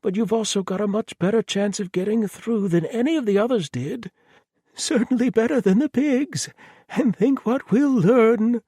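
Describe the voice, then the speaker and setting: A man's voice: high-pitched, moderate pace, mellow, breathy edge, dry recording, studio quality, voice pushed up. A man voicing a cheerful, polite, remorseless male murderer who sounds oddly reasonable, in an audiobook. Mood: cheerfully apologetic. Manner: chirpy, apologetic, oddly reasonable. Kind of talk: audiobook character voice.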